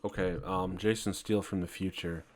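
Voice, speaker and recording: A man giving a casual commentary aside, measured and hesitant in a reflective way. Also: low-pitched, fairly even intonation. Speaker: video reviewer.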